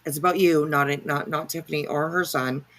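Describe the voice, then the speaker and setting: A woman's voice: low voice, fairly even intonation, moderate pace, fairly bright tone. A woman hosting a casual reaction livestream, rambling and sarcastic with lots of fillers and swearing. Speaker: livestream commentary host.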